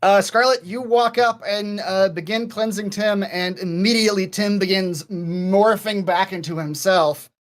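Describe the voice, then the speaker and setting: A man running a tabletop role-playing game as game master, talking haltingly with lots of fillers. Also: high-pitched, steady tone.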